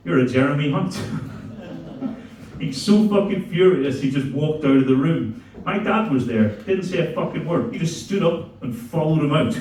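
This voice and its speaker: A man, doing crude, animated stand-up at a comedy club. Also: fairly high pitch, normal speed, hardly any pauses, a little hiss or hum. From Belfast, Northern Ireland. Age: 40s. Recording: echoey club room, mic from far.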